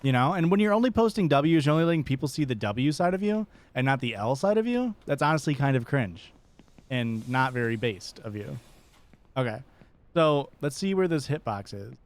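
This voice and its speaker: A man streaming a game live, chatting casually and joking with chat, often swearing playfully. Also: medium pitch.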